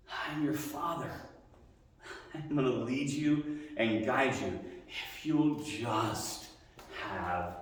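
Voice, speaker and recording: A man preaching a sermon, earnest and building to prayer with dramatic pauses, with playful asides. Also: medium pitch. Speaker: pastor. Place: church sanctuary. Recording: echoey hall, mic at a distance.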